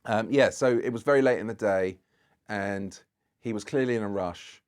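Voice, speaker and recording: Casting: male podcast guest, lowish voice, loose rambling storyteller who acts out dialogue in casual chat. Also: moderate pace, a little mellow, clean tone. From Britain.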